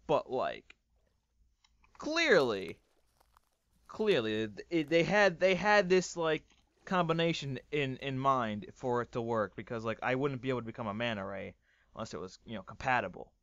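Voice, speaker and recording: A man doing excitable, swearing let's play commentary, ranting and often breaking into yells. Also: mid-range voice, normal speed, no echo, muffled recording. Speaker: gaming YouTuber.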